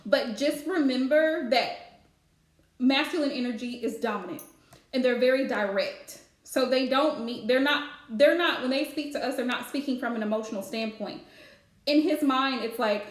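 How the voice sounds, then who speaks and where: A woman's voice: high voice, moderate pace, reverberant. A woman giving a live-streamed spiritual reading, chatty and advice-giving with lots of fillers. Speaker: psychic card reader.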